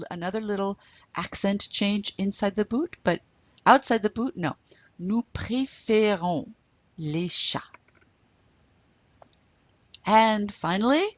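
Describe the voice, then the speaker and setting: Slow, deliberate woman teaching French. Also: mid-range voice, dry recording. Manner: slow and deliberate, modelling pronunciation for learners to repeat. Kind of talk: recorded lecture.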